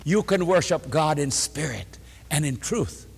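A man preaching a sermon voices the lines of a kindly, compassionate male teacher, low, soft and tender, in a reverberant church. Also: expressive, a little slow, vocal fry, slightly rough, heavily acted.

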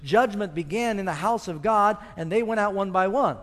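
Man, preacher, sermon, high-pitched voice, emphatic, rising and falling, echoing hall. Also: normal speed, fairly bright tone. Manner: emphatic, rising and falling with scripture quotes, asks the audience questions. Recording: long hall reverb.

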